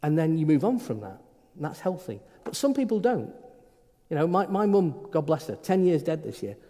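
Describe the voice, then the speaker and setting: A man's voice: fairly high pitch, very animated, moderate pace, warm tone. A middle-aged man, a priest, preaching an informal sermon in a conversational way, often stumbling and restarting his words. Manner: conversational, frequent stammered restarts. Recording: reverberant hall.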